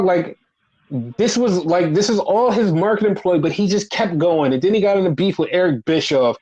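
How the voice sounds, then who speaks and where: A man in his thirties with a high-pitched voice rants on a wrestling podcast. He talks in a heated, casual way, swearing a lot and leaning on "like" as he goes. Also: normal speed, warm tone, husky, rough recording. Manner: heated, profane, lots of "like". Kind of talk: casual rant.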